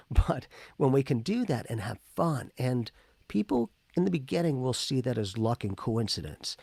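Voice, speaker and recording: Husky gravelly guy chatting about manifesting, super lively pitch, dry close sound. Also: brisk, no echo. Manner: animated, acts out quoted people. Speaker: podcast co-host. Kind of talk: casual spiritual talk.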